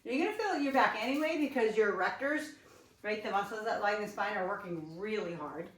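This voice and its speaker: A woman's voice: medium pitch, expressive, fairly quick. A woman fitness instructor coaching a live workout from her living room, out of breath and chatty, cueing with encouragement. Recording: echoey room, mic at a distance.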